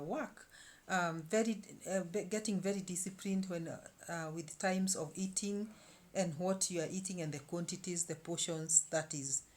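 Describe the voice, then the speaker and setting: With a fairly low-pitched voice, a woman in her fifties chats casually to her vlog camera. She's lively and keeps repeating words and starting over.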